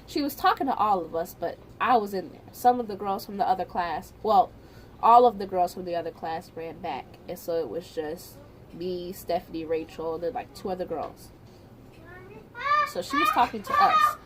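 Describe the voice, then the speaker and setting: A woman vlogger casually telling a personal story, animated and chatty, often repeating herself. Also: on the low side, moderate pace, slight background noise.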